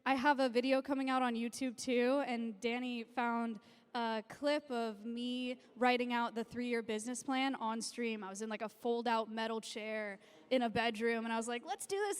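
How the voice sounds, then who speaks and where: A young woman presenting on stage at a convention, excited and gushing as she announces a fundraiser to a live audience. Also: fairly high pitch, normal speed, smooth. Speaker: sanctuary founder presenting on stage. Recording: long hall reverb.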